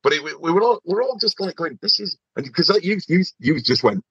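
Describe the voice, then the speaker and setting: A man's voice: a little high, very animated, brisk, fairly bright tone, husky, no echo. A man guesting on a comedy podcast, telling an anecdote with lots of restarts and quoted voices. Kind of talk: casual podcast chat, storytelling. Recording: dull lo-fi recording.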